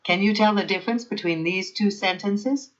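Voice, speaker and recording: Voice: medium pitch, moderate pace, fairly bright tone, highs cut off. A narrator giving a scripted grammar lesson in a careful, evenly paced teaching manner.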